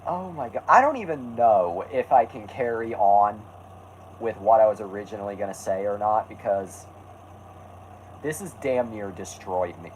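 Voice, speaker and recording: A young man hosting casual reaction commentary, excitable and exclamatory, swearing casually. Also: lowish voice, moderate pace, slight background noise, rough recording. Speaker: host.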